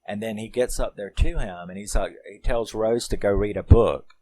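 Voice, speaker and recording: Low-voiced male reviewer, mellow, rambling, swears. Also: moderate pace, a little hiss or hum, low-quality recording. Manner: rambling, emotional, swears, many fillers. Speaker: film reviewer. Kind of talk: casual film recap.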